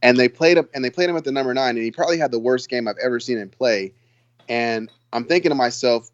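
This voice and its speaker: An excitable man rambles through a casual football chat, laughing now and then. His voice sounds dry and close, with no room around it. The recording is dull and a bit lo-fi. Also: medium pitch, no room sound. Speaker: podcast co-host.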